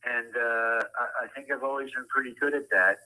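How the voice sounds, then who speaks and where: An older man who works as a ballpark public address announcer, speaking as an interview guest with precise enunciation and frequent "uh" pauses. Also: mid-range voice, fairly even intonation, bright, forceful tone, poor audio.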